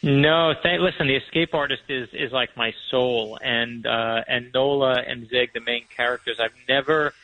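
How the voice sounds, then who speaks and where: A man's voice: mid-range voice, moderate pace, hardly any pauses, dry recording, poor audio. A man guesting on a radio interview as an author, telling stories with self-deprecating humor. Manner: animated storyteller, self-deprecating.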